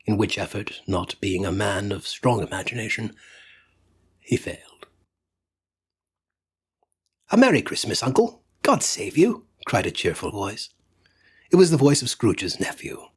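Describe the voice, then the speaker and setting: A man narrating a classic story aloud, expressive and dramatic, at times dropping to a near whisper. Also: on the low side, slightly rough. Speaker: audiobook narrator. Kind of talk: dramatic audiobook reading.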